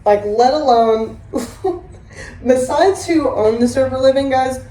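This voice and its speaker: A woman hosting a podcast, telling recovery stories in a blunt, profane and animated way. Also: sits high, slow. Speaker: podcast host. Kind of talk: candid recovery chat. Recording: roomy echo with faint hiss.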